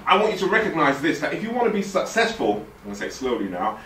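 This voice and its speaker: Animated man in his forties. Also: on the high side, fast, distant mic, a little hiss or hum. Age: 40s. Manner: joking, direct and playful, puts on slangy voices. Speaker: motivational speaker. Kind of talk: lively motivational talk to a youth audience. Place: event hall with a live audience. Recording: echoey hall, speaker away from the mic.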